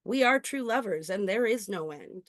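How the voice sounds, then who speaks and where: A woman performing her own spoken-word poetry at an open mic, earnest and intimate, slowing on key lines. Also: medium pitch, lively intonation, no room sound, clean studio sound. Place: indoor open mic venue.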